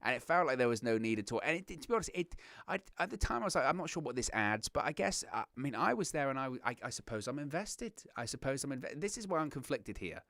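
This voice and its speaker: A young man hosting a wrestling reaction show, chatting casually with lots of restarts and animated asides. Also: medium pitch, quick pace, dry recording, clean studio sound. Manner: rambling, animated, self-interrupting with restarts. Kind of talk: casual solo commentary.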